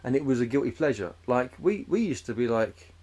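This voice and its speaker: A man's voice: mid-range voice, big pitch swings, fairly quick, a little mellow. A man, co-hosting a podcast in casual chat, rambling and swearing as he jumps into put-on voices. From England. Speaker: podcast co-host.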